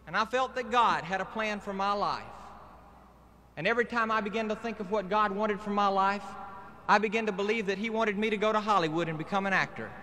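A Southern man with a high, bright voice gives an earnest testimony in a plain-spoken preaching cadence. His words ring out with long stadium reverb on an old archival live recording, over a faint hiss. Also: fairly quick. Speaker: guest speaker giving testimony. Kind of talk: evangelistic testimony speech. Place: outdoor stadium rally.

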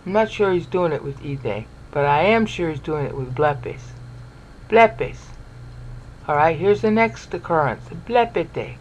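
A woman's voice: sits low, lively intonation, moderate pace, hardly any pauses, lo-fi sound, slight background noise. A woman teaching a Bible lesson over on-screen text, sounding out words syllable by syllable and checking in with the listener. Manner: explanatory, checks in with "okay?" and "all right?".

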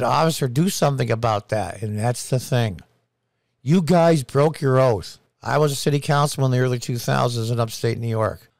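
A middle-aged man giving indignant opinion commentary, hitting key phrases slowly and emphatically. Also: mid-range voice, darkish tone, no room sound, studio quality. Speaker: political commentator.

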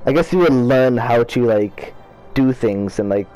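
A man's voice: medium pitch, lively intonation, a little slow, warm tone, soft background music, rough recording. Profane rambling young gamer man. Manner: rambling, profane, frustrated outbursts. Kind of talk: casual gameplay commentary.

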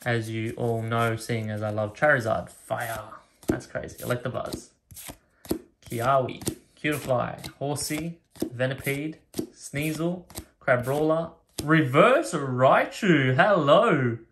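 A man talks slowly and casually into a close mic at a table, calling out each card as he flips through the packs. The crinkle and shuffle of wrappers and cards sits clearly under his voice the whole time, and he perks up over the rare ones. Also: mid-range voice, background noise. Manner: reads card names one by one, excited by rare pulls. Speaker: card collector opening packs. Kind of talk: casual pack-opening commentary. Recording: card and wrapper rustling behind voice.

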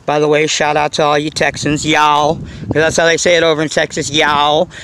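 A middle-aged man talks in a loose, rambling way as he hosts his RC car vlog outdoors, circling back and leaning on fillers. His voice sits a bit high for a man. A faint outdoor hiss runs underneath. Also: completely flat delivery, quick pace, creaky, a bit bright, rough recording. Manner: rambling, repeats himself, fillers like you know. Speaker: RC car vlogger. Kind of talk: casual rambling vlog talk.

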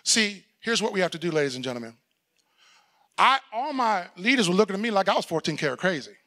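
A middle-aged man preaching a sermon as pastor, telling a story, acting out the people in it and shouting for emphasis. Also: high-pitched, big pitch swings, fast.

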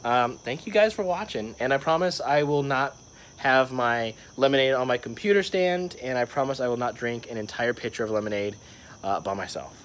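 A man's voice: medium pitch, moderate pace, a little hiss or hum. A young man telling a story to his vlog camera, rambling, with lots of "like" and "um". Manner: rambling, filler-heavy storytelling. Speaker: vlogger. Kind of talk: casual vlog monologue.

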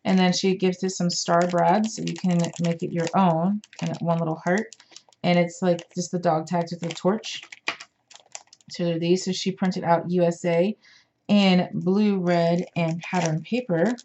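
Woman craft vlogger, tired and chatty, unhurried lower voice on a lo-fi mic. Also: level tone, darkish tone, a little hiss or hum. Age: adult parent. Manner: chatty, enthusiastic, many fillers. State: tired, yawning. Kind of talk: casual show-and-tell.

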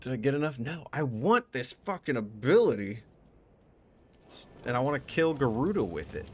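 A young man in a let's play, talking through the game, excitable, swearing and thinking out loud. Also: medium pitch, moderate pace, a little hiss or hum. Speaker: gaming YouTuber.

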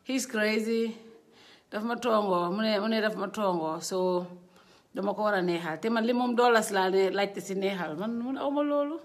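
A woman's voice: mid-range voice, moderate pace. A woman hosting a casual live stream, chatting, laughing and greeting viewers by name while testing her sound. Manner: chatty, laughing, reads out viewer names, switches between languages. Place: indoor studio.

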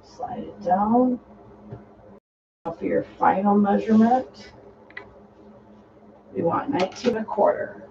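An easygoing host talks through a sewing project step by step, calm and practical while cutting fabric. The voice sits at an ordinary middle pitch and is picked up from a distance. The sound is dull and lo-fi, with a faint hum of room ambience behind it. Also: takes it slowly, gravelly, long pauses. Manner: relaxed, instructive, talking while cutting fabric. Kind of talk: casual step-by-step sewing tutorial.

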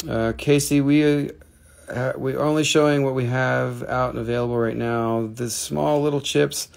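A Southern American man hosting a live online mineral sale, with a gravelly, creaky voice at a middling pitch. He chats loosely and jokes with viewers while calling out prices. He laughs easily at his own bits. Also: steady tone, moderate pace, a little mellow. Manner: joking, chatty, laughs at himself. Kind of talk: live selling chat.

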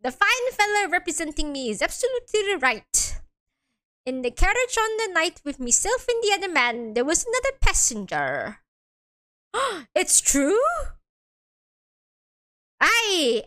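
Woman doing a jittery irish guy on trial, wobbly fake brogue, bright and high. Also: very animated, measured pace, full character voice. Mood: pleading. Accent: put-on Irish. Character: cagey Irish male defendant on trial, pleading.

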